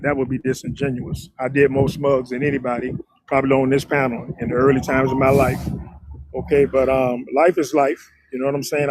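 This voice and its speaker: Reflective panelist man from Miami, unhurried, defensive. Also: mid-range voice, a little mellow, no room sound. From Miami, Florida. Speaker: livestream panelist. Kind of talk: casual debate talk.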